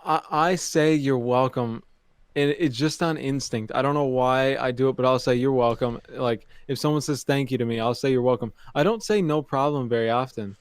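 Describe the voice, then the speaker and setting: A man's voice: mid-range voice, moderate pace, clean tone, dry recording. A young man from Canada co-hosting a podcast, chatting casually and telling rambling stories with restarts. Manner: easygoing, rambling storytelling with restarts. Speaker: podcast co-host. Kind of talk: casual chat.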